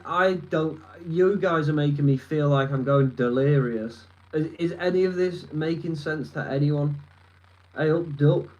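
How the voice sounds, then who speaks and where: Sitting at his bedroom desk, a northern English man in his twenties with a Lancashire accent chats casually on a live stream, swearing and wandering off topic as he replies to viewers. He has a fairly high, darkish voice and an unhurried delivery with hardly any pauses. The recording is lo-fi.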